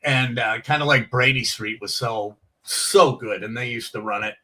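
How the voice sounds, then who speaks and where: A man's voice: medium pitch, normal speed, pushed and bright, recorded from a distance. A middle-aged man, a guest comedian, telling rambling anecdotes on a chat show and acting out the quotes.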